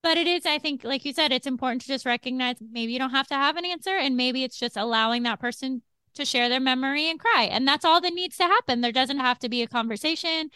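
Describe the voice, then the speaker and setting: A woman podcast host talks in a fairly high, bright voice that is smooth and clear. She is chatty and self-deprecating, and the dry, close sound has no room in it. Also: quick pace, no echo. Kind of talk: casual podcast chat.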